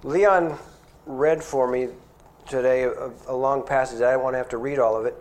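Earnest man preaching a sermon. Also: mid-range voice. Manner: conversational, earnest preaching with rhetorical questions.

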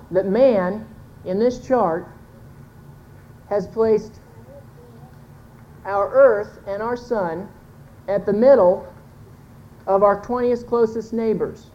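A woman's voice: mid-range voice, mellow, lo-fi sound, slight background noise. A woman giving a folksy, earnest sermon-style talk to a church congregation, pointing to a chart and correcting herself as she goes. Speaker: church speaker teaching with a chart.

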